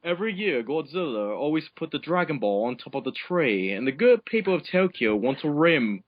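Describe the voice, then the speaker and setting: A man on a podcast reads a silly story aloud over a dull, lo-fi call line. His voice sits a bit high and swings widely as he breaks into laughter. The sound is dry and close. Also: very animated, brisk, no room sound. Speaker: podcast co-host reading a story. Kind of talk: casual chat, comic read-aloud. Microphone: home mic over a voice call.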